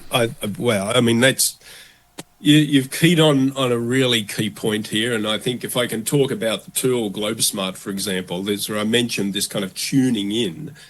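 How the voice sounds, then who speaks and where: A man who is a guest in a business podcast interview, speaking in an animated way and acting out quoted thoughts. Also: lowish voice, normal speed. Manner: animated, acts out quoted voices. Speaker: guest, relocation consultant. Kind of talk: conversational interview.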